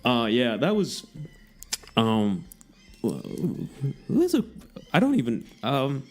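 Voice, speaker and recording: A man's voice: medium pitch, huge pitch swings, slow pace. A man hosting a radio music show, chatting casually and jokily between songs, rambling and cutting himself off. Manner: rambling, self-interrupting, jokey.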